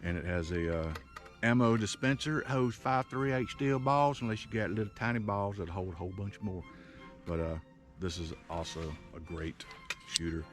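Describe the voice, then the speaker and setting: A man with a low voice talks casually in a show-and-tell vlog, showing off his gear. He rambles and jokes with playful asides. Music plays clearly behind him. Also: moderate pace. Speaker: slingshot reviewer. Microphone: action camera.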